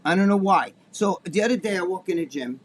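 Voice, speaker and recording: A man's voice: high voice, expressive, brisk, a little hiss or hum. A middle-aged man co-hosting a casual podcast, telling stories in a rambling, profane way full of restarts. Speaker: co-host.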